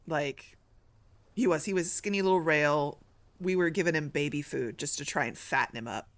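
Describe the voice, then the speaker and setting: Chatty woman streamer, bright voice. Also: sits low, expressive, normal speed. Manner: rambling, chatty, many fillers and restarts. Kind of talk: casual live-stream chat.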